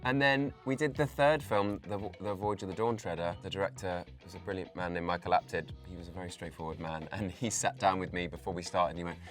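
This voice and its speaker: A man's voice: low voice, fairly even intonation, fairly quick, hardly any pauses, faint music behind. A man in his forties with an English accent, chatting casually and playfully as an interview guest in a studio. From England. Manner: playful and giggly. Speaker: actor and singer guest.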